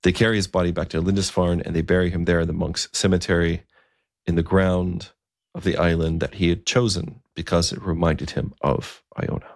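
A man retells a story in a conversational, vivid way. His voice is very deep, with a gravelly fry. The sound is dry and close to the microphone. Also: level tone, fairly quick, no echo. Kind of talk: storytelling narration.

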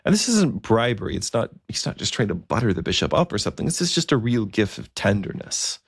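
A man telling a historical story in a relaxed, conversational way, with asides and fillers. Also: lowish voice, fast, gravelly, slightly rough, no echo, studio quality.

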